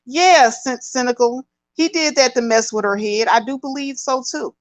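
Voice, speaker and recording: A woman hosting a casual gossip commentary, talking in an emphatic, chatty, drawn-out way. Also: high voice, dry recording, low-quality recording. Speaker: host.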